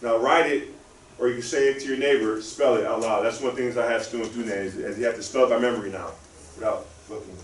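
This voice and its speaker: A man's voice: medium pitch, fairly even intonation, quick pace. A man giving a live talk in a library, guiding the audience through a spelling drill in call-and-response style. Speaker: guest speaker. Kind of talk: interactive spelling lesson. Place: library lecture room. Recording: roomy, from a distance, faint room hum.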